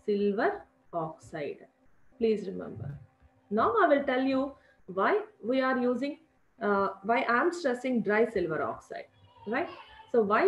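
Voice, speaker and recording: Indian woman teaching chemistry, echoey lo-fi. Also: on the high side. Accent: Indian English. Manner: repetitive, stressing key points, addresses students as children. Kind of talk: classroom lecture. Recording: echoey lo-fi room recording.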